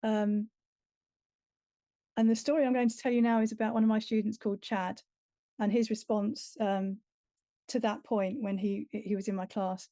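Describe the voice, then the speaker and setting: A woman's voice: medium pitch, fairly even intonation, moderate pace, pauses often, mellow, no room sound. A woman writer giving an earnest, reflective workshop talk about teaching creative writing.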